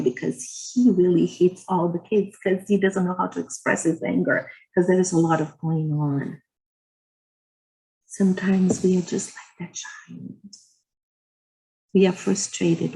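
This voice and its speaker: A woman giving an earnest religious lecture as a guest speaker. She tells personal stories in short, gentle phrases. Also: mid-range voice, level tone, measured pace, gravelly, low-quality recording. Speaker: guest speaker at a spiritist society.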